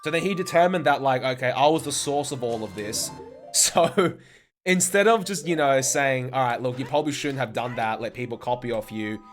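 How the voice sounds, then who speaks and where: A man's voice: mid-range voice, moderate pace, soft background music. Young Aussie guy chatting while gaming. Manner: swears often, rambling anecdotes with fillers. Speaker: speedrunner streaming and chatting. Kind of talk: casual live-stream chat while playing.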